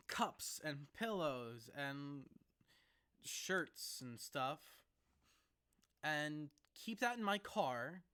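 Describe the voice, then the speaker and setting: A young man vlogging casually into a laptop mic, rambling and laughing as he talks, sometimes rushing and sometimes slowing down. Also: a little high, a bit bright, smooth. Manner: rambling, laughs often, jumps between fast and slow. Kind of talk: casual to-camera vlog.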